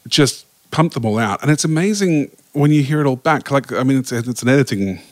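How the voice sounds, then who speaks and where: A man co-hosting a podcast about an audio drama he helped make, chatting quickly and laughing often. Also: mid-range voice, expressive, dry recording. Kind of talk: casual chat.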